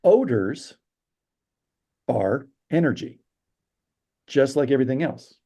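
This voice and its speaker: Gravelly, animated storytelling man. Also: medium pitch, slow pace, lo-fi sound. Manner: animated storyteller, acts out quotes. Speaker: storyteller guest. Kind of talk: casual interview chat.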